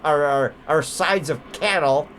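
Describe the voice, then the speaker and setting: A man's voice: a little high, a little slow, a crowd in the background. A man reviewing an old movie in a casual, profane, rambling way, laughing often.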